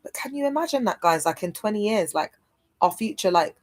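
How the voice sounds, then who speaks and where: A woman's voice: medium pitch, expressive, fairly quick, a little mellow. This is a woman talking live to her viewers from home. Her chat is loose and rambling, and she keeps breaking off to address the audience directly. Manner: rambling, chatty, talks straight to viewers. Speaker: livestream host. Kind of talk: casual livestream chat to viewers.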